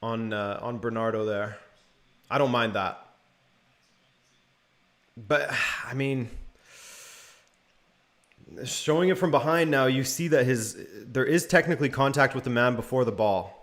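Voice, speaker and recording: A man's voice: mid-range voice, measured pace, long pauses. A young man hosting a live watch-along stream, calling the play and answering chat. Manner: relaxed play-by-play mixed with chat replies. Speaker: live stream host commentating a match.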